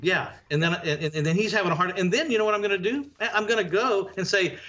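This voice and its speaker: A man with a high, bright, forceful voice tells stories with lively energy, playing out conversations in different voices as he goes. The sound is dull and lo-fi, like a remote call recording. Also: fast talker, few pauses. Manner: animated storyteller, acts out dialogue. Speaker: real estate investor and educator. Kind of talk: casual podcast interview.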